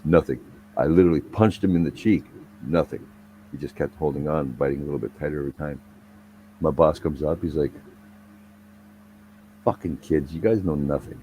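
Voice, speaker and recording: Young guy, booming low voice, swearing storyteller, laid-back chat. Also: fairly even intonation, fairly quick, warm tone, a little hiss or hum, rough recording. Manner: profane, rambling anecdotal delivery.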